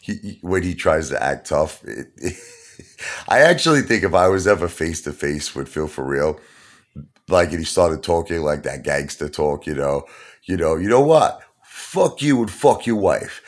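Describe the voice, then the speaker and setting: Brooklyn man with a very deep, gravelly voice, a hard-talking host who tells street stories. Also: animated, normal speed. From Brooklyn, New York. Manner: tough-talking, repeats "you understand?" and "okay?". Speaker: channel host. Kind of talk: casual storytelling monologue.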